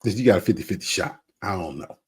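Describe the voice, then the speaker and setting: A man in his fifties with a husky, somewhat low voice co-hosts a podcast. He talks in an unhurried, candid way, full of fillers and asides. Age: 50s. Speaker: podcast co-host. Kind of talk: casual chat.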